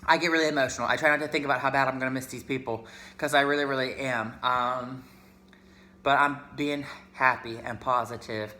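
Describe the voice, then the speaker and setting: A man's voice: medium pitch, steady tone, a little fast, sharp tone. A chatty, emotional man from Pittsburgh, talking casually in a vlog and mixing in Spanish words. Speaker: vlogger.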